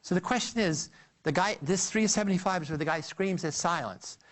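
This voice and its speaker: A man giving a psychology lecture, telling the story in an animated way with frequent restarts and fillers. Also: sits high, fairly quick. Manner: animated storytelling, addresses listeners as "you".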